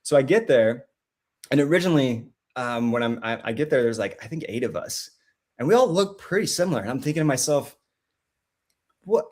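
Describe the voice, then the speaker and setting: A man's voice: mid-range voice, a little fast. A man, an actor and guest on a podcast, telling a casual anecdote and acting out the voices of the people he quotes. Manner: lively storyteller, acts out quoted voices.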